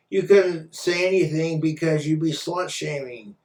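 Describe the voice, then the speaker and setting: A man rants into the camera, blunt and crude, swearing freely. His voice sits a little high for a man. It echoes around the room and sounds set back from the mic. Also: moderate pace. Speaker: vlogger. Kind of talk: profane casual rant. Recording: roomy echo, far from mic.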